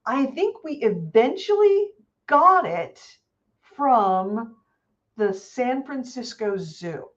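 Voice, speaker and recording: A woman co-hosting a casual chat show, telling stories in an animated, swearing, easygoing way. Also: fairly high pitch, takes it slowly, muffled recording. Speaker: podcast co-host.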